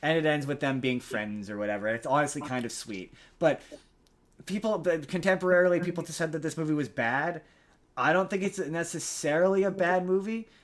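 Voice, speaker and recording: A young adult man with a fairly high, brisk voice hosts a podcast. He recaps a movie plot casually and rambles, restarting often and leaning on fillers.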